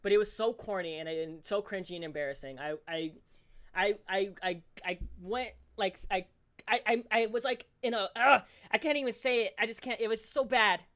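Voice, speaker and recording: A young man hosting a solo podcast, ranting fast and profanely, tripping over his words with stammers and restarts. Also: high-pitched, pushed and bright. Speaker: podcast host.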